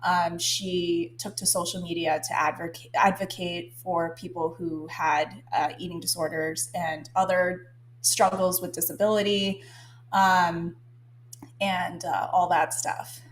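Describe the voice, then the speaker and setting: Young woman, lowish voice, lots of ums, rambly podcast storytelling, faint hum behind. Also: flat delivery, measured pace. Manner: rambling with many ums, breaks into giggles. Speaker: guest co-host.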